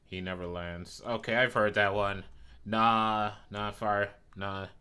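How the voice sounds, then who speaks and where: Bright-voiced male streamer, teasing. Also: lowish voice, fairly even intonation, slow pace, smooth. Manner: playful teasing, swears freely. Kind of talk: casual live-stream chatter while playing.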